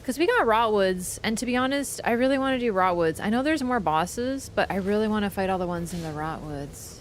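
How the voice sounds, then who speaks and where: Excitable woman streaming a game. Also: mid-range voice, a little fast, slight background noise. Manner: excitable, swears often, yelps when startled. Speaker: streamer playing a video game. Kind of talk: casual live-stream gaming chat. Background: game music.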